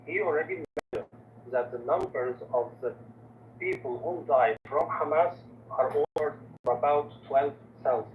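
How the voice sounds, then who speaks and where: A man's voice: on the high side, a little slow, slight background noise. A man who is not an English speaker argues insistently as a caller in a heated debate. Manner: insistent, swears, later apologetic and quieter. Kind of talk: heated debate on a call-in show. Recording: distant, roomy, dull lo-fi line.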